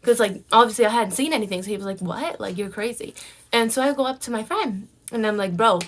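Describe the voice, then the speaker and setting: Speaking quickly in a slightly high voice, this young female vlogger recounts something from her own life in an easygoing chat, with a little background noise present. Her storytelling is lively and packed with "like" and "right?".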